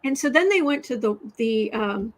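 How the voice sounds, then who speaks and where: A woman from West Virginia hosting a tarot and astrology livestream, telling stories in a rambling, animated way with sudden emphatic outbursts. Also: on the high side, moderate pace. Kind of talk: casual chat, storytelling.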